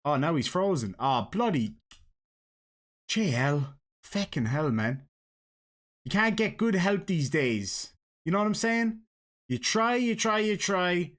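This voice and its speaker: A man's voice: high voice, big pitch swings, slow, long pauses, a bit bright. A man with an Irish accent hosting a casual live stream, chatting and joking with his guest and viewers.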